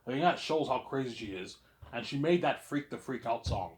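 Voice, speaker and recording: He rambles on in a boastful, repetitive monologue, keeps tacking "obviously" onto his lines, and his voice leaps around with a lot of pitch movement. Loud bragging claims keep dropping to half-mumbled asides. He sits right in the middle for pitch. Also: animated, fairly quick. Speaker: vlogger.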